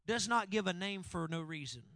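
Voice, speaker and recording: A man's voice: high voice, expressive, moderate pace, vocal fry, pushed and bright, no echo. A male pastor preaching a sermon, calling out to the congregation. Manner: preachy call-and-response with congregation.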